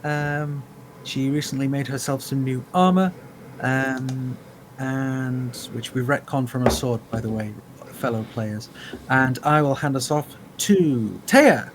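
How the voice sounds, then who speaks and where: A woman's voice: rumbling low, takes it slowly, background noise. A woman, a player in a tabletop game, introducing her character in an upbeat, chatty way. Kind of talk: casual chat at a game table.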